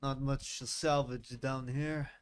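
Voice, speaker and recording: A man voicing a stern foreign government agent with a Russian accent, talking in a clipped, formal, deadpan way. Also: medium pitch, slow, slight background noise, close to an everyday voice. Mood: cold, blunt.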